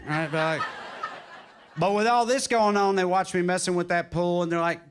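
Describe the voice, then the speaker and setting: Man, Southern drawl, stand-up comedian, wry storytelling, fairly high-pitched, club stage mic. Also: fairly even intonation, normal speed, background noise. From Tennessee. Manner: drawling, wry storytelling with sudden put-on quotes. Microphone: handheld stage mic.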